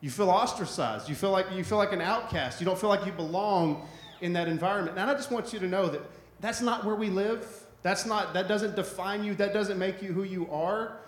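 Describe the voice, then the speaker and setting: A man's voice: high-pitched, a little fast, reverberant. A man preaching a sermon in a loose, conversational way, often checking in with "right?". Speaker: pastor.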